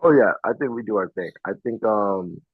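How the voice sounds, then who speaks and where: A man's voice: lowish voice, normal speed, breathy edge, dry recording. A man co-hosting a casual sports betting chat, swearing freely and telling stories with animation. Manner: profane, animated storytelling. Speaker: podcast co-host. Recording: tinny phone-like sound.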